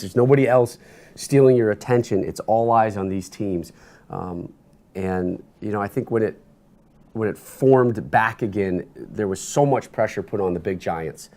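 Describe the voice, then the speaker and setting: A man talking as a guest in a studio interview, telling animated stories with lots of restarts and bursts of energy. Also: on the low side, moderate pace. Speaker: interview guest, sports broadcaster.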